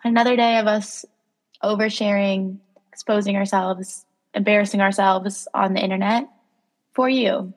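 A woman's voice: medium pitch, fairly even intonation, moderate pace. A young woman co-hosting a casual podcast who laughs often and tells rambling stories full of fillers. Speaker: podcast co-host. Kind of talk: casual chat.

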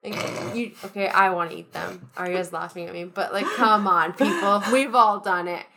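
A woman's voice: on the low side, steady tone, moderate pace, gravelly, a crowd in the background. A young woman co-hosting a podcast, talking in an upbeat, chatty, motivational way. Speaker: podcast co-host. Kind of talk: casual chat.

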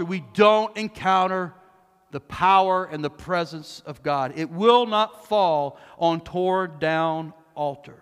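Male pastor, very high and bright, emphatic sermon delivery, long church-hall reverb. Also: clear, resonant tone. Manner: emphatic preaching, shifts between loud high bursts and low quiet asides; mocks and acts out quoted speech.

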